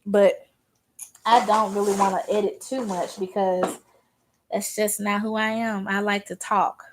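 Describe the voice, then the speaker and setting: A young woman from Arkansas talks her way through a makeup routine, chatty and rambling. She drifts into stories in a relaxed vlogger's voice, with some Southern slang. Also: medium pitch, unhurried. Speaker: beauty vlogger. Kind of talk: chatty makeup tutorial storytelling.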